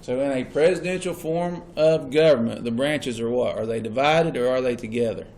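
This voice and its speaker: A man's voice: mid-range voice, moderate pace, a little mellow. A male teacher lectures a class. He quizzes the students and says the key points again and again. The recording picks up faint classroom noise behind him. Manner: asks the class questions, repeats key points.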